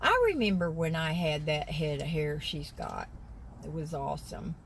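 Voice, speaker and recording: A woman's voice: sits low, sing-song, moderate pace, gravelly, slight background noise. A woman in her sixties with a Southern US accent, chatting folksily to her viewers in a casual vlog. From American South. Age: 60s. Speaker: vlogger. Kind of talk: casual chat to camera.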